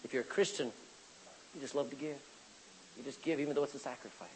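A man's voice: medium pitch, steady tone, fast, a little hiss or hum, low-quality recording. A man preaching a sermon as pastor, reading scripture aloud and calling out for amens from the congregation.

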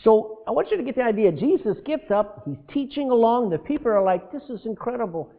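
A man preaching a sermon, animated, asking the congregation rhetorical questions and breaking into asides. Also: very high voice, fairly quick. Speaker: pastor. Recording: tinny phone-like lo-fi sound.

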